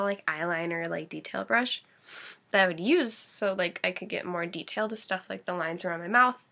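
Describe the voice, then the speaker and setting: A young makeup vlogger with a medium-pitched, pushed and bright voice chats casually through a tutorial. Her face is painted, and she's sniffly and sneezing, rambling and giggling with plenty of "likes" and "ums."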